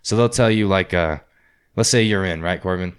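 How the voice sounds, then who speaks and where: A man casually telling boot camp stories, swearing constantly and acting out drill instructors' yelling. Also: low-pitched, normal speed, clean tone. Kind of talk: casual podcast chat.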